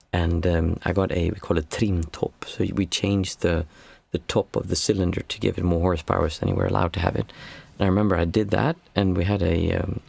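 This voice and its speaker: Man, meditation teacher, low gravelly voice, husky, thinking aloud. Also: a little mellow, dry recording. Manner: reflective, storytelling, thinks aloud with restarts. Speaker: meditation teacher and former monk. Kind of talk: casual livestream Q&A talk.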